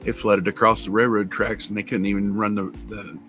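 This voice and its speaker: A man's voice: fairly low pitch, little pitch movement, brisk, bright, forceful tone. Man, rambling, chuckling storyteller, faint music behind. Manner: rambling storyteller, laughs at his own stories. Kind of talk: casual chat.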